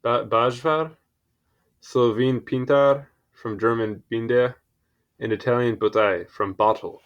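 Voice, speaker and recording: A man's voice: medium pitch, steady tone, takes it slowly, muffled recording. A young man casually reading an encyclopedia article aloud, stumbling over foreign words and adding apologetic asides.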